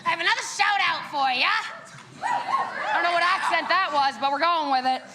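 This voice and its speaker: A woman's voice: very high-pitched, big pitch swings, normal speed, a little hiss or hum. A woman hosting a live improv competition, announcing events in an upbeat way. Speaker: emcee. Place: theatre stage. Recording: echoey hall, loud crowd.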